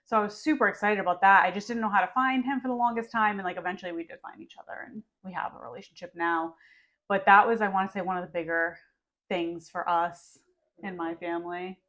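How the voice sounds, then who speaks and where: A woman's voice: mid-range voice, fairly even intonation, quick pace, fairly bright tone. A woman co-hosting a podcast, talking in casual chat with plenty of fillers. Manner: chatty, full of fillers. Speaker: podcast co-host.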